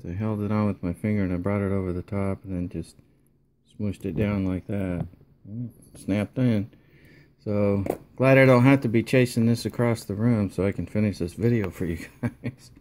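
A man's voice: fairly low pitch, moderate pace, warm tone, a little hiss or hum. A man chatting casually as he explains a repair step by step at a home workbench. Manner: chatty, folksy, thinking aloud while working. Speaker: electronics repair hobbyist.

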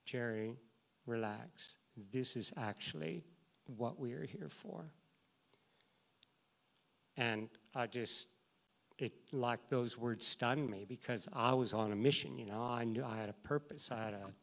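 A man, a teacher, telling a story in a talk, lively and acting out the people in it. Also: mid-range voice. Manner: animated, acts out every voice in his story. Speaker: teacher and guest speaker.

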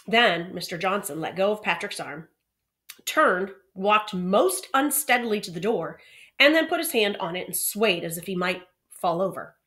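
A woman's voice: fairly low pitch, expressive, moderate pace, bright, forceful tone. A woman reading a children's novel aloud, with chatty asides between passages. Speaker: reader.

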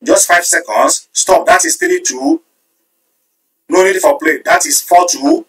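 A man hosting a live stream, reading viewer comments aloud and tallying their votes in an animated way. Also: high-pitched, measured pace, gravelly, recorded from a distance, poor audio. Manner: animated, switching between Yoruba and English, counting votes aloud. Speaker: livestream host.

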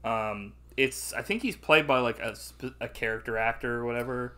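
Young dude on a movie podcast, bright punchy voice, rambly, lots of likes and ums, laughs a lot. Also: male voice, medium pitch, moderate pace. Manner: rambling, heavy on filler words, laughs often. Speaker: podcast co-host. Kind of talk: casual movie review chat.

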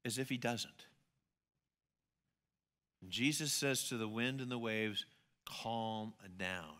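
Bright, animated man preaching. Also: mid-range voice, takes it slowly. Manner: animated storytelling, acting out panicked voices. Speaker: pastor. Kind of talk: sermon. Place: church.

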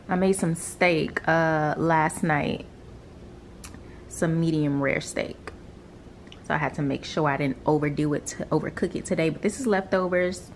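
A fairly low-pitched woman in her 30s vlogs from the couch at home, chatting animatedly and speaking directly to her viewers. A little hiss or hum runs under the recording.

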